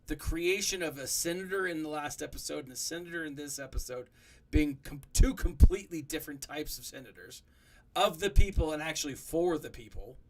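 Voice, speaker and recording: A young man hosting a casual review chat, animated and laughing, with lots of fillers like "um" and "like". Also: a little high. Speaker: podcast host.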